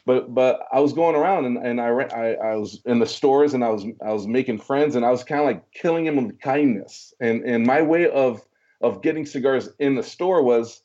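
A man tells a lengthy tale from his past during a casual interview, speaking at normal speed with a medium pitch. He restarts often, trips over repeated words, and performs the dialogue he quotes, while the audio sounds dull.

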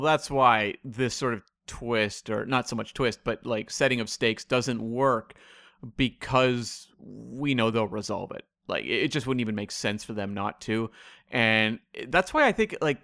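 A man co-hosting a casual podcast discussion in a relaxed, conversational way. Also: mid-range voice, no room sound, studio quality. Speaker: podcast co-host.

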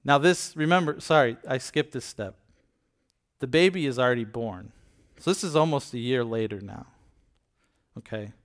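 Man preaching in a relaxed, chatty way. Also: mid-range voice, moderate pace, long pauses. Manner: conversational, retells scripture in everyday words; addresses listeners with frequent "okay?" and "right?". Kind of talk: casual Bible teaching.

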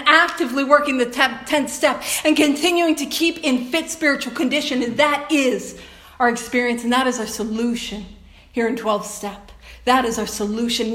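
High-voiced woman speaking in an echoey room. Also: fairly bright tone. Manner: earnest, conversational, often laughing, addresses the room directly. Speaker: speaker at a recovery meeting. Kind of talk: personal talk to a meeting. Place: meeting room with an audience.

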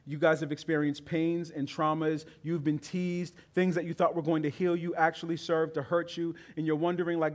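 Man preaching a sermon, emphatic, slightly high-pitched, swells to loud climaxes. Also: little pitch movement, normal speed, few pauses. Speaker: pastor.

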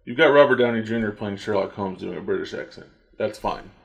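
A man talks in a casual podcast discussion. He argues his case in a wry, questioning way and often lets his voice drop low. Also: brisk, creaky, breathy edge. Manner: wry, argumentative, drops to a mutter.

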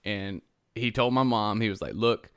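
A man's voice: fairly low pitch, moderate pace, clean tone, no room sound, studio quality. A male podcast host telling a long personal story in casual chat, self-mocking and laughing as he goes.

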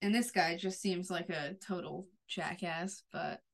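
A woman co-hosting a podcast, casually retelling an episode's scenes in long runs that trail off quietly. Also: lowish voice, steady tone, measured pace, creaky. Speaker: podcast co-host. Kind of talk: casual chat recapping a TV episode.

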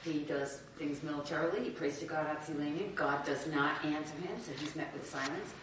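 A woman student asking a question in class, halting and searching, in a lowish voice. She sits far from the mic in a very echoey room, with noise around her. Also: fairly even intonation.

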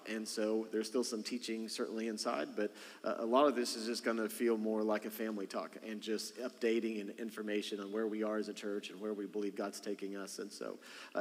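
A man's voice: lowish voice, fairly bright tone, big-room sound. A man, a senior pastor preaching a conversational sermon and joking with the congregation. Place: church sanctuary.

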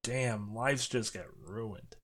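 A man's voice: lowish voice, slow pace, fairly bright tone. Podcast co-host, man, thoughtful, leads discussion. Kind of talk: casual movie discussion.

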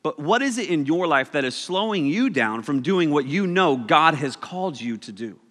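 A man's voice: a little high, sing-song, normal speed, fairly bright tone, in a large hall. A man preaching a casual, joking sermon, telling stories with animation.

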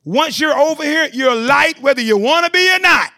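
A man preaching a sermon, shouting in a rhythmic call-and-response style and repeating phrases to the congregation. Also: extremely high pitch, expressive, moderate pace, no room sound, clean studio sound.

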